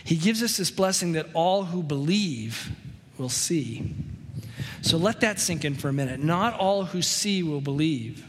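A pastor speaks to his congregation in a conversational sermon style, with a slightly higher pitch than most men. He slows right down to stress key words. His voice rings with the long reverb of a church hall. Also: animated. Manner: conversational preaching with anecdotes, slows for emphasis.

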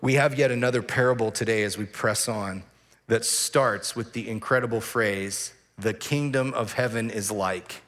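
A pastor preaching a sermon, animated and acting out the voices of grumbling people. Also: male voice, on the low side, normal speed. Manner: animated, acts out voices of complainers.

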